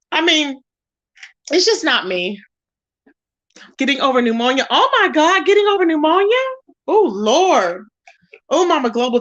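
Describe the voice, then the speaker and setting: High-voiced sassy woman livestreamer. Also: fairly bright tone. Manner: sassy, reads chat messages aloud and roasts a rival; drawls endearments like baby and boo. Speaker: livestream host. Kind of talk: casual livestream chat.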